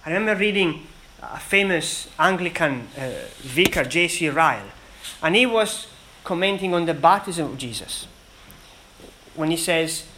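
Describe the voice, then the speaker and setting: A man preaching a sermon in an earnest, emphatic way, with dramatic pauses between phrases. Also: on the high side, animated, background noise.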